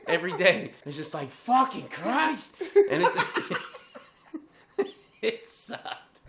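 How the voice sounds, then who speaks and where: A man's voice: high-pitched, huge pitch swings, takes it slowly, vocal fry, a crowd in the background. A young man co-hosting a podcast, telling a profane story in casual chat and laughing often as he talks. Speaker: podcast co-host.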